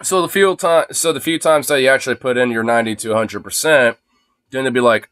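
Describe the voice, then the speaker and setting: A man's voice: mid-range voice, brisk, a bit bright, clear, resonant tone, dry recording. A man chatting casually on a phone livestream, rambling and swearing freely, with lots of fillers. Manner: rambling, profane, heavy use of fillers.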